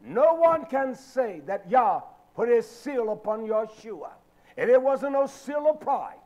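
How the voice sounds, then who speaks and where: Guy with a really high voice preaching, hammers his points over and over. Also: expressive, a little slow, darkish tone, rough recording. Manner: repetitive, emphatic preaching cadence. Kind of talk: sermon.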